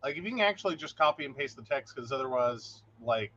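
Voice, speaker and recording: A man's voice: mid-range voice, quick pace, muffled recording. A man co-hosting a casual podcast chat, telling stories with lots of laughter and acted-out quotes. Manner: animated storyteller, acts out quotes, laughs often. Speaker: podcast co-host.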